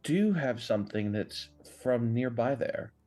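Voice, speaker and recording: A man playing a tabletop game, calm and measured. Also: mid-range voice, faint music behind. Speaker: player.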